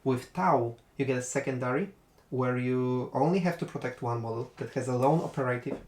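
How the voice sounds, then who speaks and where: Male commentator, casual post-game chat, mid-pitched and halting, roomy recording. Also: a little mellow. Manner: thoughtful, hesitant with fillers, breaks into laughter.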